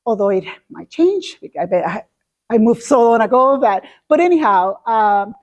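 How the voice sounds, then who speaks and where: Woman speaker with a Spanish accent, slightly high pitch, animated and expressive while telling a story. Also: normal speed, highs cut off. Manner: animated, acts out her own past reactions. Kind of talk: storytelling talk.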